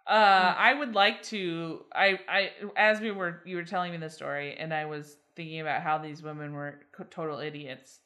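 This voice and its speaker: A woman's voice: sits low, fairly even intonation, moderate pace, few pauses, sharp tone. A woman co-hosting a podcast, chatting casually, exclaiming in disbelief and making dry jokes. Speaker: podcast co-host. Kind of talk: casual chat.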